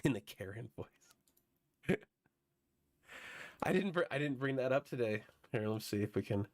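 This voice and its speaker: Hoarse, joking male game streamer. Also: medium pitch, expressive, measured pace, no echo. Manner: joking, bantering with chat. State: hoarse, recovering from illness. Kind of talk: casual chat while streaming a game.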